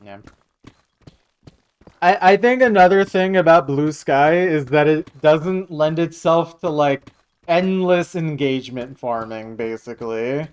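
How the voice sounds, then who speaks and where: A man's voice: fairly high pitch, unhurried, smooth. A man streaming live, chatting casually and jokily while reacting to his chat. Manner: rambling, jokey, reacting to chat.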